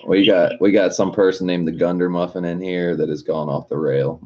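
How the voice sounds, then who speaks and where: A livestream host reads viewer comments aloud, laughing and cursing as he goes. His low voice is steady and warm, he speaks at a normal pace, and the stream audio is dull and lo-fi.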